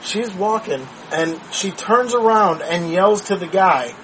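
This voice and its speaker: Profane, animated man telling a story. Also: sits high, unhurried, a little hiss or hum, low-quality recording. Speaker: podcast co-host. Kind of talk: casual storytelling chat.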